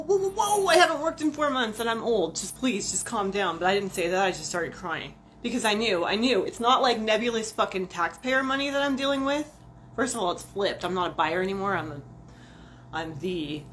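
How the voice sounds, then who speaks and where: A woman's voice: medium pitch, bright, forceful tone, a little hiss or hum. A woman vlogger chatting casually and profanely on a livestream, rambling and talking to viewers like friends.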